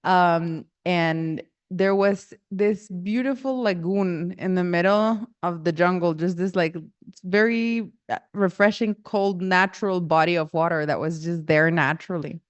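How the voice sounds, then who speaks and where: Woman, casual storytelling, self-correcting, dull lo-fi sound, smooth voice. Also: lowish voice, unhurried, no echo. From Guatemala. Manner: rambling, self-correcting, acts out quoted voices. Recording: dull lo-fi audio.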